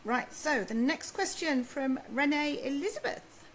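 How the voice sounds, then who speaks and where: A woman's voice: high-pitched, lively intonation, unhurried, slight background noise, poor audio. Chatty woman giving parenting advice. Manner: reads questions aloud and advises in a chatty, reassuring way. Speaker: baby sleep consultant answering viewer questions. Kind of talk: live video Q&A.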